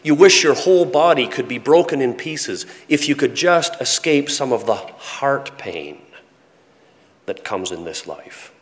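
A man preaching a sermon in earnest tones, often repeating words and dropping to a soft, hushed voice. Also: mid-range voice, lively intonation, a little slow. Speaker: pastor. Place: church sanctuary with a congregation. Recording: long reverb of a large hall.

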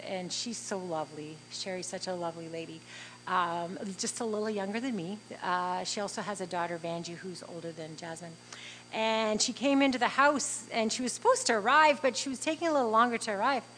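A middle-aged woman recounts a personal story in an earnest, heartfelt way. She talks at a mid pitch, pauses often with fillers, and speaks over a faint background hum. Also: a bit bright, low-quality recording. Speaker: interviewee.

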